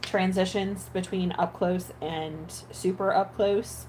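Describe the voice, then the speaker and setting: A woman with a lowish voice chats loosely about her video plans, drifting between thoughts with plenty of "um"s and restarts. Her tone is relaxed and conversational, and faint background hiss sits under her voice. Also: takes it slowly, low-quality recording. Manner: rambling, many fillers and restarts. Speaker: ASMR creator. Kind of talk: casual chat while editing.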